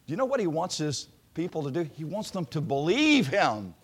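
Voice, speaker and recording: A man preaching a sermon, swinging from loud proclamation to a hushed near-whisper and drawing out his words with emphasis. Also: on the high side, sing-song, husky. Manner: slow, emphatic delivery with repeated words.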